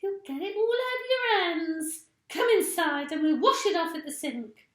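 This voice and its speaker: A woman reading aloud, voicing a shrill, nasty old woman who shrieks in panic. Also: animated, normal speed, a bit bright. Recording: roomy echo.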